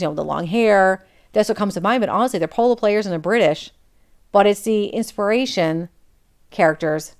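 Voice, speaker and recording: Woman in her forties, smooth clear voice. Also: medium pitch. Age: 40s. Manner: frank, confessional, chatty. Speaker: podcast host. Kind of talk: candid personal monologue.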